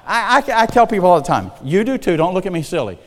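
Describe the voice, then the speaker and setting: A man's voice: high voice, sing-song, quick pace. A middle-aged man preaching a sermon in a folksy, conversational way, often checking in with his congregation. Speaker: pastor. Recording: long hall reverb.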